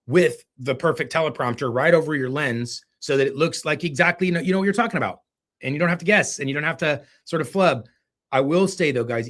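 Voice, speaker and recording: Man coaching on a live stream. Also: mid-range voice. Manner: casual, coaching, addresses viewers as guys. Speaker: real estate video coach.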